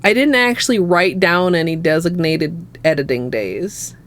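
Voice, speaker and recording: Soft-spoken Minnesotan woman streamer. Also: lowish voice, animated, a little slow. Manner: soft-spoken and rambling, talking to chat. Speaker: nail art streamer. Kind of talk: casual livestream chat.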